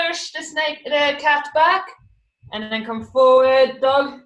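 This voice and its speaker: A woman leads young children through stretches and animal shapes, calling out each move and making animal sounds. Her voice is high and bright, and her instructions come slowly. She is heard from across an echoey room. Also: animated. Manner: encouraging, counts and calls out moves, makes animal sounds. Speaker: children's acrobatics teacher. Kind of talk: online movement class for children. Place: room at home, video class. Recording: echoey room, distant from the mic.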